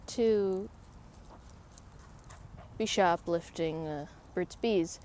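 A woman in her thirties with a mellow, relaxed, rather low voice vlogs casually into her phone while walking her dog through a park. She talks slowly and loosely, tossing in wry, self-mocking asides, with faint outdoor noise in the background.

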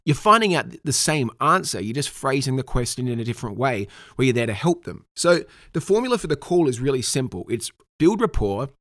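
A man teaching real estate sales calls in an emphatic, energetic coaching tone. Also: medium pitch, brisk, few pauses, no room sound, clean studio sound. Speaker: sales trainer. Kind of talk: instructional talk.

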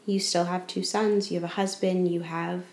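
A woman's voice: fairly low pitch, flat delivery, moderate pace, a little mellow, echoey room. A woman hosting a podcast, asking her guest questions in a conversational, attentive way. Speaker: podcast host. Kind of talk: interviewing a guest.

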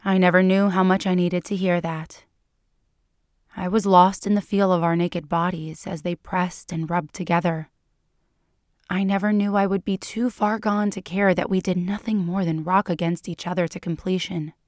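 A woman reading fiction aloud in a soft, hushed, unhurried way that sometimes drops to a whisper. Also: on the low side, steady tone, no echo, clean studio sound. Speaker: audiobook reader.

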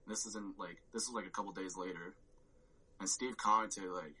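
Husky man rambling through a story. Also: low voice, moderate pace, poor audio. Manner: rambling, peppered with "like" and swearing; animated, acts out his own reactions. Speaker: podcast guest. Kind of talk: casual storytelling chat.

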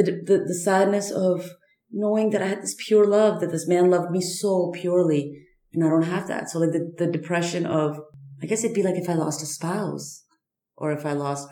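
Low-voiced woman, halting and heartfelt. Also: mellow, reverberant. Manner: halting, searching, with many fillers and restarts. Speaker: podcast guest. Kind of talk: candid personal conversation.

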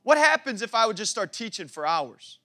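A man preaching a sermon as pastor of a church, playful and quick to laugh, building up to fervent calls. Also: high-pitched, very animated, sharp tone, faint music behind.

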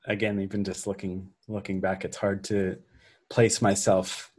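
A man, a songwriter, reflecting in an interview in a halting, soft-spoken way from his home garage. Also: low voice, flat delivery, slightly rough. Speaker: songwriter guest.

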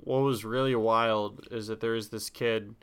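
A man's voice: on the low side, steady tone, moderate pace, clean tone. A young man co-hosting a casual chat, delivering blunt, ranting comic bits. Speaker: podcast co-host.

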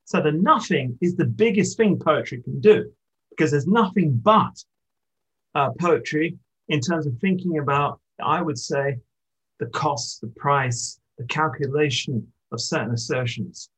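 Man, poet, husky, slightly high voice, thoughtful, halting, reflective interview talk. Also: a bit bright, low-quality recording. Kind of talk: reflective literary conversation.

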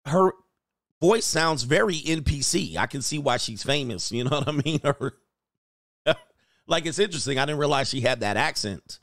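A man's voice: medium pitch, lively intonation, normal speed, fairly bright tone, no echo, clean studio sound. Blunt, crude man reacting to clips. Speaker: commentary channel host. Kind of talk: casual reaction commentary.

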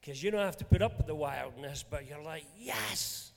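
A man's voice: a little high, fairly quick, gravelly. Older man preaching in an echoing hall. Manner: storytelling, animated and emphatic. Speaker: pastor. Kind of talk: sermon. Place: church hall. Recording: long reverb of a large hall.

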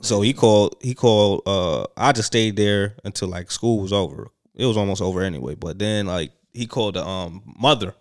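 A man telling a school story in casual chat, animated and laughing, acting out the people he quotes. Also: on the low side, brisk, few pauses. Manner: animated, acts out voices in quoted lines, laughs often.

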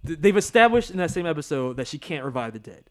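A man in casual chat about a TV show, excitable, laughing often and acting out quotes. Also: a little high, fast talker.

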